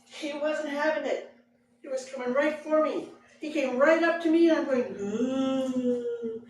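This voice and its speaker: A woman tells a story to a live crowd at a moderate pace, her voice sitting high, and she expressively acts out the scene in voices. There's a little hiss or hum, plus a very echoey room heard through a far mic, with ambience and the audience laughing.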